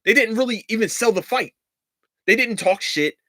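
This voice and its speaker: A man's voice: high voice, expressive, normal speed, bright, forceful tone, no room sound, studio quality. A man hosting a podcast, ranting in a heated, profane and sarcastic way, repeating lines for emphasis. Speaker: podcast host. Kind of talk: casual rant.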